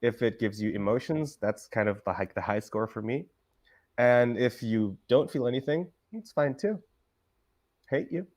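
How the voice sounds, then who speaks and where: A man's voice: lowish voice, moderate pace, a little mellow. A man being interviewed as a musician guest, casual and playful, swearing freely.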